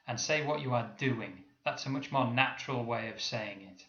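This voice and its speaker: Bright-voiced British man teaching English. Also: medium pitch, reverberant, dull audio. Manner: slow, careful emphasis on example sentences. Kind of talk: English lesson.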